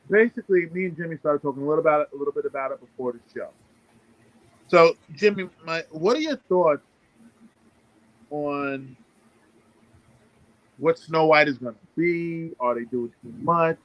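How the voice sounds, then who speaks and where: A man hosting a casual remote podcast interview, asking questions in a relaxed way with fillers and restarts. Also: on the high side, muffled recording. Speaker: podcast host. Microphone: podcast microphone over remote call.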